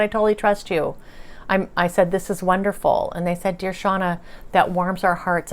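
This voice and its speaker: Soft-spoken woman recounting a channeling. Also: fairly low pitch. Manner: soft and slow when quoting her guides, bursts of excitement. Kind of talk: casual spoken recounting with quoted dialogue.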